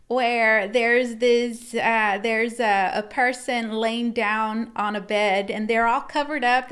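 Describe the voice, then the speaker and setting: A woman's voice: a little high, a bit bright, clean tone. A woman tarot reader talking casually to viewers, rambling and repeating herself as she reads the cards. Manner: rambling and repetitive, addressing viewers as guys. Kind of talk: casual tarot reading to camera.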